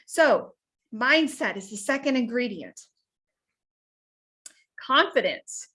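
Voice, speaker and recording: Bright, high-voiced woman coach. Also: a little slow. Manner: energetic, folksy storytelling. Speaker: health coach. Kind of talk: motivational talk.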